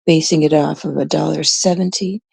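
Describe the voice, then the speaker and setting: A woman's voice: sits low, steady tone, moderate pace, creaky, a little mellow, breathy edge, dry recording. A Canadian woman livestreaming, rambling casually and talking straight to her chat viewers on a close mic.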